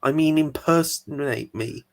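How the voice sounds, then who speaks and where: A man's voice: fairly high pitch, a little slow. A British man in a casual chat, teasing and joking with the host. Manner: teasing, jokey. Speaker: chat guest.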